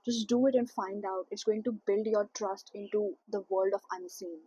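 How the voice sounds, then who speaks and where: A woman's voice: mid-range voice, flat delivery, moderate pace, dark tone, husky, no room sound, poor audio. A woman speaking earnestly to her audience about spiritual growth, emphatic and repetitive as she stresses each point. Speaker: spiritual content creator. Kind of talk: spiritual guidance talk to camera.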